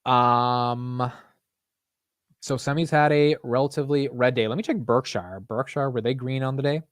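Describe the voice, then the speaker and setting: A man's voice: mid-range voice, fairly even intonation, normal speed, dry recording. Young American male host, loose slangy delivery, dry close-miked voice. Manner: casual, slangy, says dude and bro. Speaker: market show host. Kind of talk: casual livestream market commentary.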